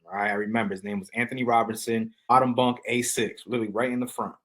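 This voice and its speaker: A man who is a podcast guest and motivational speaker, telling stories in a lively, slangy, preacher-like way. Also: mid-range voice, fast talker, husky, rough recording. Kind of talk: energetic storytelling in casual chat.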